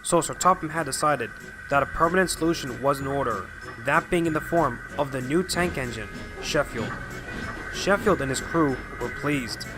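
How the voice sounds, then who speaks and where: A man narrating a scripted storybook tale in a brisk, even manner. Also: medium pitch, music in the background.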